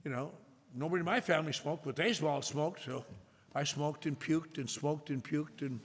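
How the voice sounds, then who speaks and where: An older man telling a self-mocking story to an audience at a recovery meeting, with a wry, drawn-out delivery. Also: fairly high pitch. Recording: echoey hall with faint noise.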